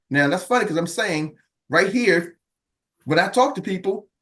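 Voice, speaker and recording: High voiced guy coaching a room full of people, preachy, keeps asking y'all with me. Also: a bit bright. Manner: preacher-like, calls out to the audience; acts out quoted voices of others. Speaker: business coach. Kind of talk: motivational seminar talk.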